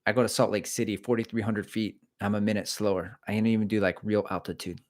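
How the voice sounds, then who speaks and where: A man's voice: on the low side, flat delivery, quick pace, darkish tone. A middle-aged man hosting a casual livestream, reading out viewer comments and chatting in a rambling, self-deprecating way.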